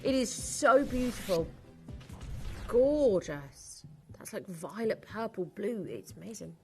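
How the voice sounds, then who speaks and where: A woman's voice: medium pitch, expressive, slow pace, soft background music. Gushing woman presenting on live shopping TV. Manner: gushing, chatty, theatrical. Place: TV studio.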